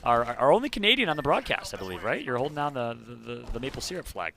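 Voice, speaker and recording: A man casting an esports battle royale tournament, energetic play-by-play that rises to loud calls at big plays. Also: mid-range voice, quick pace, vocal fry, a little hiss or hum. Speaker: esports caster.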